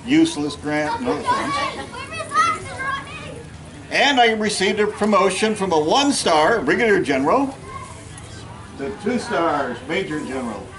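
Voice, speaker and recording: A man's voice: high voice, very animated, measured pace, long pauses, a crowd in the background, poor audio. A man reenacting a plainspoken Civil War Union general, telling war stories in the first person with folksy humor and drawing the audience in. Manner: folksy storytelling, jokes with the audience. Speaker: historical reenactor. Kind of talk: first-person living history talk. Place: outdoor history event in a park.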